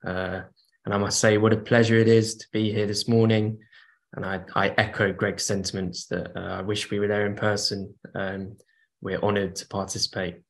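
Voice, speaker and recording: Low, flat-voiced male solicitor. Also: normal speed, creaky. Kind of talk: remote panel introduction.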